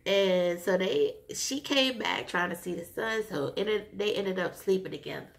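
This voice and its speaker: A woman vlogger casually recapping a TV episode, retelling scenes in an animated way with lots of fillers. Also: lowish voice, moderate pace, vocal fry. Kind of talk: casual chat.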